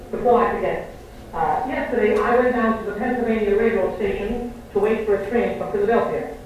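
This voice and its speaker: A woman comedian rattles off brash dialect jokes in a stage monologue, her voice sitting high. The old archival recording is echoey and distant, with a muffled, hissy sound. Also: a little mellow. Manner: brash joke-telling with dialect stories. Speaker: vaudeville comedian and singer.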